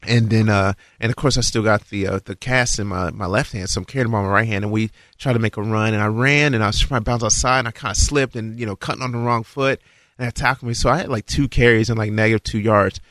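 Man telling a lively story, dry sound. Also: quick pace, no echo. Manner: animated, acts out dialogue with rising pitch. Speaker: guest recalling his football career. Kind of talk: casual storytelling.

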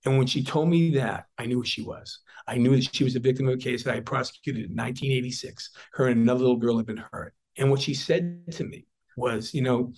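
A man's voice: medium pitch, fairly even intonation, fast, few pauses, darkish tone, poor audio. A man in his sixties, a district attorney, speaking earnestly in an interview and telling stories with frequent restarts. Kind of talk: interview talk.

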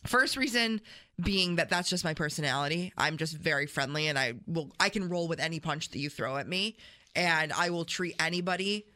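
A woman co-hosting a morning radio show, chatting casually and telling stories with lively acted-out quotes. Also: low-pitched, a little fast. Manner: chatty, animated, acts out voices in stories. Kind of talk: casual radio banter, storytelling.

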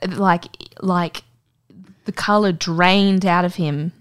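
A young adult Australian woman co-hosts a podcast, telling stories in casual chat with bluntness and plenty of swearing. Her voice is lowish, slow and smooth, and she's an animated storyteller.

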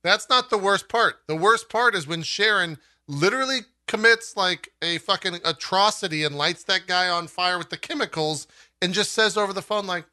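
Guy with a really bright forceful voice, rambling podcast chat, dry mic. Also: high voice, moderate pace, dry recording. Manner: rambling, many fillers and restarts, laughs often. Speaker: podcast co-host. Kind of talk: casual chat.

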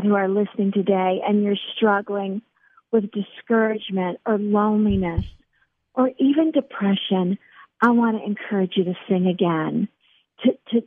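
A woman's voice: mid-range voice, no echo. Woman on a tinny phone line. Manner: earnest, encouraging, speaks to host by name. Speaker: author and guest. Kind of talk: faith radio interview.

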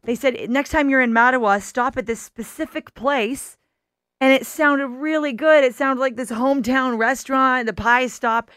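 A woman's voice: high-pitched, moderate pace, fairly bright tone, clear, resonant tone, no room sound. A woman hosting a radio show, chatting casually with a dry, teasing manner in a studio.

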